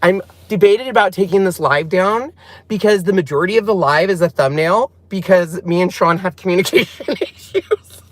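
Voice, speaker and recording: A man hosting a casual live chat from inside his car, excitable and laughing, admitting he is nervous. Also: high voice, moderate pace. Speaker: vlogger hosting a live stream.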